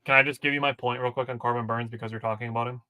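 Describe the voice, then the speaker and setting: Guy from wisconsin on a sports podcast, bright forceful voice, reads stats off his notes. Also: mid-range voice, fairly even intonation, racing. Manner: talks through stats from his notes, dry asides. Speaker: podcast co-host. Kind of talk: casual sports chat.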